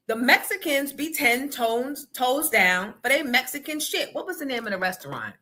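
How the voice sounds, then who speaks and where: A woman hosting a morning show, telling stories in a blunt, profane, animated way. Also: high voice, a little fast. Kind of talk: casual opinion talk.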